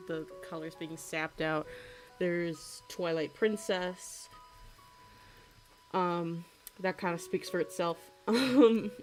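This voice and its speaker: A woman in her twenties, chatting casually and rambling with many fillers and frequent giggles while she draws on a stream. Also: on the low side. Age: 20s. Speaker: streaming artist. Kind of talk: casual chat while drawing.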